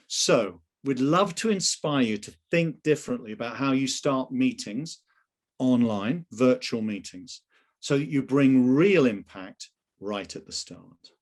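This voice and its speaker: A man's voice: medium pitch, lively intonation, a little slow. A man running a live online sales training session over a video call, emphatic and full of rhetorical questions.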